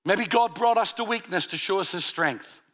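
Man, pastor, sermon, high bright voice, earnest rhetorical questions. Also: moderate pace.

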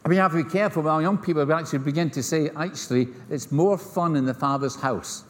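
A middle-aged man with a Scottish accent delivers a sermon in a slightly raised pitch, spinning stories with wry humor and voicing the people in them. His words carry a long reverberant tail from the large hall around him. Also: quick pace. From Scotland. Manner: storytelling, humorous asides, acts out dialogue. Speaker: pastor.

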